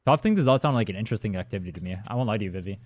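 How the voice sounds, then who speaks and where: A man's voice: lowish voice, expressive, rapid-fire, no room sound. A young man streaming a game, chatting casually with his viewers, rambling and swearing as he answers chat. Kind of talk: casual livestream chat while gaming. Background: faint music from his playlist.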